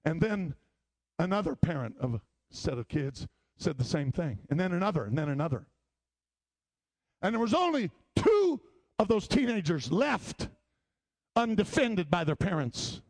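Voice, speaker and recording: A man preaching a sermon, telling stories and rising into shouted appeals. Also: high-pitched, sing-song, normal speed, dry recording. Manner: storytelling preaching that climbs into shouting.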